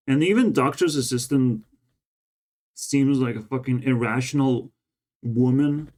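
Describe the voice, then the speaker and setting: A man's voice: mid-range voice, dark tone. A tired, run-down man talking to camera in a casual, rambling monologue, venting his frustration with frequent swearing. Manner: frustrated, profane ranting. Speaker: vlogger.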